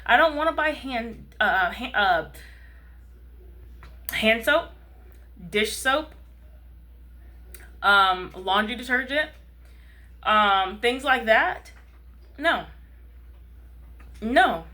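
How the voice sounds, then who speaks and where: A woman's voice: fairly high pitch, animated, drawn-out words, long pauses, pushed and bright. Woman, 30s, vlogger. Casual, rambling chat to camera, conversational asides. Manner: chatty and rambling, keeps asking "you know what I mean".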